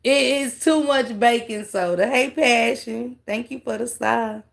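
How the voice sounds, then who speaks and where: A woman's voice: a little high, measured pace, creaky. A woman hosting a casual livestream, mocking a clip she reacts to and talking straight to her viewers with laughing asides. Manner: talks straight to chat, thanks viewers.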